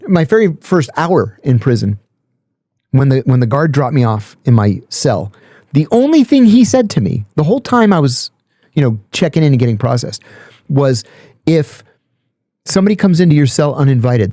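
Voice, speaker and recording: Middle-aged guy spinning stories on a podcast, mellow dark voice, dry close sound. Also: medium pitch, no echo. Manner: animated storyteller, acts out quoted voices. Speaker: podcast host telling prison stories. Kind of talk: casual storytelling chat.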